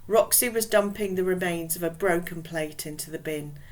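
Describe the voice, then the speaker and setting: A woman reads a children's novel aloud in a casual, chatty manner. Her voice is pitched lower than most women's, and she reads at an easy pace. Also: normal speed, rough recording. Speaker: reader.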